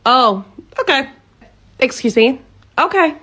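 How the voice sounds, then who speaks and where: A woman playing a blunt, unbothered young British pub worker who talks in a flat, matter-of-fact way. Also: high-pitched, takes it slowly, breathy edge, heavily acted. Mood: deadpan. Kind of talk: comedy sketch acting.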